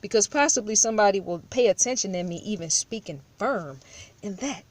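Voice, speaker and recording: A woman's voice: medium pitch, lively intonation, brisk, noisy background. A woman giving firm, blunt true-crime vlog commentary, full of rhetorical questions and repetition. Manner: rhetorical questions, repeats herself.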